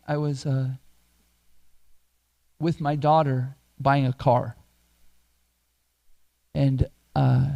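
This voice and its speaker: Middle-aged male priest, slightly high, mellow voice; chatty self-deprecating sermon anecdote. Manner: chatty, self-deprecating storyteller who chuckles at himself. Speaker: temple priest. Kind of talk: sermon told through a personal anecdote. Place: temple hall.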